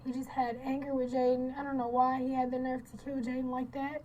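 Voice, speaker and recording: A woman recounting a violent attack in a halting, emotional first-person account, often repeating and restarting, her voice breaking toward tears at times. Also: high voice, flat delivery, darkish tone, slight background noise, low-quality recording. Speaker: crime victim recounting an attack.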